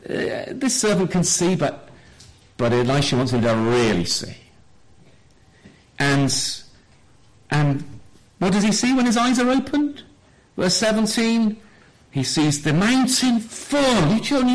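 Brief: high-pitched male preacher, animated storyteller, church sermon. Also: low-quality recording. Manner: animated storytelling, asks the congregation questions.

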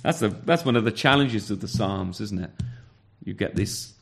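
A man's voice: on the low side, normal speed, vocal fry. A man preaching a sermon, earnest, often repeating words and asking rhetorical questions.

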